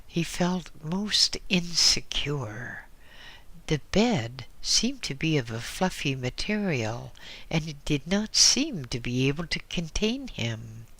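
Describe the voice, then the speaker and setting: A man narrates an audiobook at an unhurried, deliberate pace, his tone bright and forward. He often sinks into a soft whisper, and the sound is close and dry, with no room around it. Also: a little high, lively intonation, no echo. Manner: slow, measured reading that drops into soft whispers. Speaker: audiobook reader.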